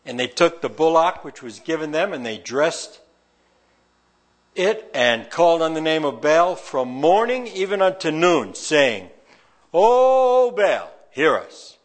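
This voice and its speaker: A man's voice: a little high, animated, measured pace. A man reading scripture aloud verse by verse and breaking off to comment on it in a folksy way. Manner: reads scripture then breaks in with folksy asides. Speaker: Bible teacher.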